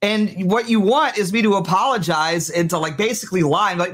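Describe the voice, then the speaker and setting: A man's voice: high voice, brisk, few pauses, a bit bright. A man arguing on a livestream call, defensive and full of filler words. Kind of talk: casual livestream argument.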